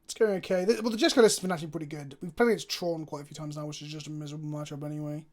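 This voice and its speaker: A man's voice: fairly high pitch, fairly even intonation, very fast. A man streaming a card game, commentating his plays casually, chatty and thinking aloud, with frequent swearing.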